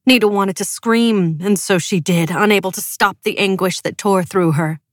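A woman's voice: medium pitch, normal speed, no room sound. Dramatic woman audiobook narrator, dry. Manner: emotive, dramatic. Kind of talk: scripted narration.

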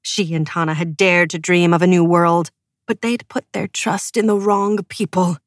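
A woman's voice: on the low side, steady tone, moderate pace, dry recording. A woman narrating an audiobook with emotive, dramatic delivery. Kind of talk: scripted narration.

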